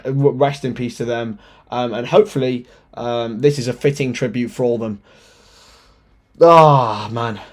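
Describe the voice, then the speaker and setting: A jittery male fan hosts a live football watchalong stream. He calls team news and early play with eager, stumbling chatter, and the strain of nerves sits in his mid-pitched voice. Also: a little mellow. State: nervous and shaky. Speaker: watchalong host.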